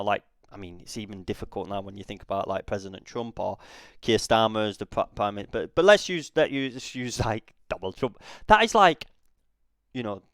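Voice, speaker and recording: A man's voice: mid-range voice, dry recording, clean studio sound. A man hosting a reaction video, commenting casually with frequent swearing and restarts. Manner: animated, swearing, many restarts.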